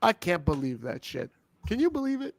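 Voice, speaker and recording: A man co-hosting a wrestling review show in casual, profane, excitable chat, laughing often. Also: high voice, fairly quick, vocal fry. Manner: excitable, swearing, laughing, with frequent impersonations.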